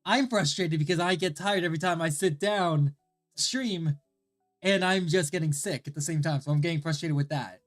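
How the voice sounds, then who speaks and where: Tired, cold-stricken streamer venting between slow, careful language drills; mid pitch, soft music underneath. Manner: frustrated, swears often, repeats practice phrases slowly. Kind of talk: casual live-stream chat while studying Japanese. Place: at home.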